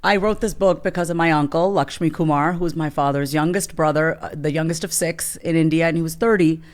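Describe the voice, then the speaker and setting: A woman's voice: deep voice, a little fast. A woman in her thirties, a guest author talking candidly in a conversational interview and acting out her inner voices.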